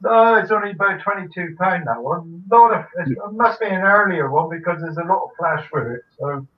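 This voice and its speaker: A man talking haltingly, with many fillers, as a guest on a live stream over a video call. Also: high-pitched. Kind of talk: casual chat. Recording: tinny call audio, distant from mic.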